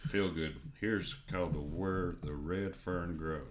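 A man's voice: low-pitched, steady tone, a little slow. A man, chatting in a laid-back way with short replies and chuckles. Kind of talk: casual chat. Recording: noisy background.

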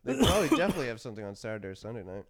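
A man co-hosting a podcast, chatting casually and chiming in eagerly with quick agreement. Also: mid-range voice, huge pitch swings, creaky, a crowd in the background. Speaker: podcast co-host. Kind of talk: casual chat.

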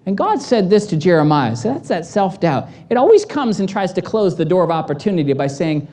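A woman pastor delivering a sermon, animated and acting out the voices in the story. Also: fairly low pitch, fairly quick, few pauses.

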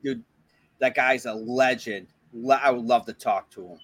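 A man's voice: medium pitch, normal speed, a bit bright, no room sound. A man co-hosting a podcast, chatting in a crude, profane and enthusiastic way. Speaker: podcast co-host. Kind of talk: crude casual chat.

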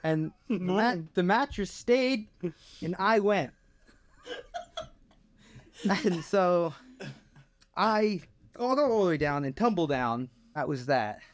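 A man's voice: sits high, animated, slow pace, long pauses. A young man co-hosting a podcast, telling stories in a laid-back way with light chuckles. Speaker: podcast co-host. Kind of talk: casual storytelling chat.

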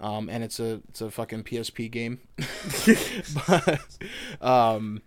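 Smooth-voiced man chatting about games. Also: medium pitch, takes it slowly, no echo. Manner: loose and chatty, swears casually. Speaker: podcast co-host. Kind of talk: casual game discussion.

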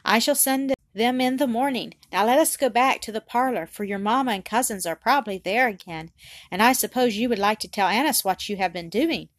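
Woman voicing a Victorian father, strict yet tender, formal, measured, firm, dry. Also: on the high side, no room sound, natural voice. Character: strict but tender Victorian father, middle-aged man.

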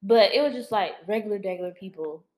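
A woman's voice: mid-range voice, fast talker. A young woman co-hosting a podcast, chatting casually and animatedly, acting out what people said. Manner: animated, quotes people in put-on voices. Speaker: podcast co-host. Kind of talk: casual chat.

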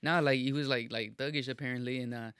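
A man's voice: medium pitch, fast, clean tone, dry recording, studio quality. A young man telling a wild story in casual podcast chat, swearing a lot and stacking fillers. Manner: profane, animated storytelling with lots of fillers.

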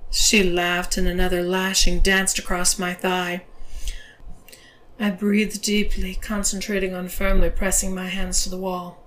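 Woman narrator, erotic audio story, very slow, hushed, drops to whisper, faint hiss. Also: lowish voice, completely flat delivery, low-quality recording.

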